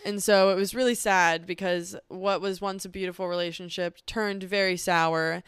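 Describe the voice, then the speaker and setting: Earnest woman with a very clear voice. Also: lowish voice, fairly even intonation, normal speed, dry recording, clean studio sound. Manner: earnest and emotional, speaking frankly about feelings. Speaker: podcast host. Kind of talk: candid personal monologue.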